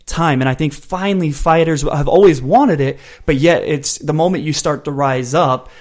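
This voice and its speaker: A man's voice: a little high, moderate pace, darkish tone. A man who works as a criminal law attorney, co-hosting a casual sports podcast and explaining things with legal and historical comparisons.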